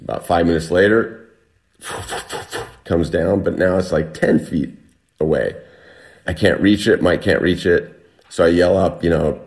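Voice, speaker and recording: Middle-aged man, very low voice, guest recounting an ordeal, lively quoted shouts. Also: unhurried, pauses often. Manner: animated retelling, acts out shouted quotes. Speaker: guest telling a survival story. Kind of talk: conversational storytelling.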